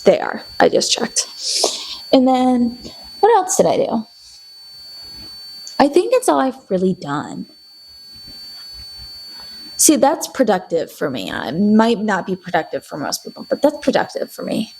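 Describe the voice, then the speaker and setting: A young woman rambling through a casual video diary, chatty and animated, acting out bits of conversations as she tells them. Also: medium pitch, unhurried, creaky, pauses often, slight background noise, poor audio. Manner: rambling, animated, chatty storytelling with playful quoted voices. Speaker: video diarist. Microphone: camera.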